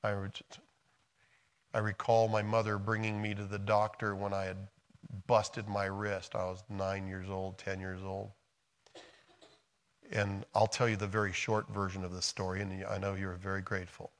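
A middle-aged American pastor delivers a sermon in a low, monotone voice at a moderate pace. He shifts between quiet, soft passages and loud, emphatic storytelling.

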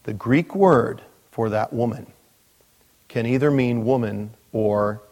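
A man, a pastor, preaching a sermon in a relaxed, joking way, with lots of asides. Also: medium pitch, slow. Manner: conversational, joking, frequent "you know" asides. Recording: long reverb of a large hall.

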